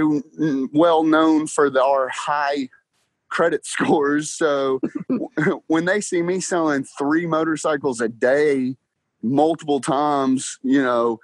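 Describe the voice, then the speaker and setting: A man's voice: on the high side, no echo. Young man, casual interview guest, laughing storyteller, dry close sound. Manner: excited, laughs often, talks fast with "like" and "bro". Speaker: guest car salesman.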